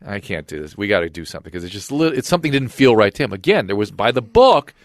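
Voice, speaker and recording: A middle-aged man talking quickly in a fairly low voice. He tells a story with lively quoted back-and-forth. The sound is close and dry, with no room around it. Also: no room sound. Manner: brisk, animated retelling with quoted dialogue. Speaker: podcast host and physician. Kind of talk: casual conversational storytelling.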